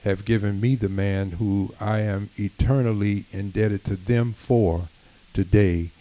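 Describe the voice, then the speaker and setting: A middle-aged man giving a sermon-style address at a community gathering, measured and full of "uh" fillers, building to emphatic points. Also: fairly low pitch, fairly even intonation, warm tone, rough recording.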